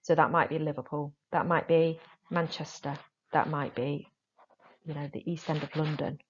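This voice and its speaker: A woman drama teacher explaining a lesson to her students, stressing the key points with lively emphasis. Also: sits low, moderate pace, slightly rough, lo-fi sound. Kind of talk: recorded classroom lesson.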